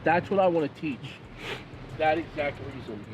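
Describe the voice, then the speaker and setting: A man who is a photographer, chatting casually with friends in eager, quick bursts. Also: on the high side, expressive, highs cut off, noisy background. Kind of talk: casual chat.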